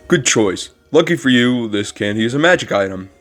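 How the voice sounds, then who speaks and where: A man putting on a gentle old monster caretaker, rambling and formal. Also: medium pitch. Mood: kindly. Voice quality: strained put-on voice. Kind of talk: reading game dialogue aloud.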